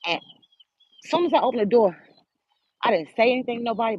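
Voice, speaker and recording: An older woman hosting a show, telling a spiritual story in an animated, preachy way and speaking right to her listeners. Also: on the high side, fast, pauses often, breathy edge, no echo. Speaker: host. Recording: dull lo-fi audio.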